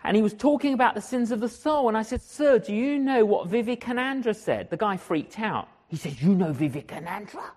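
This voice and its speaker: Male evangelist, swooping animated delivery, story-driven sermon, acts out each exchange. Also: sits high, fairly quick, hardly any pauses. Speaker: evangelist preacher.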